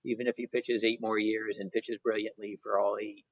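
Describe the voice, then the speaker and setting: A man's voice: fairly low pitch, level tone, brisk, slightly rough, no echo. Man with a dull lo-fi sound. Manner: hesitant, many restarts and fillers. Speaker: podcast co-host. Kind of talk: casual sports chat.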